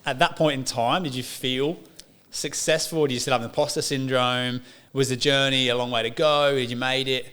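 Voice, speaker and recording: Male podcast host, mid-pitched, relaxed interviewer. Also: normal speed, clean tone. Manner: asks long strings of questions, relaxed and curious. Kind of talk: casual interview chat.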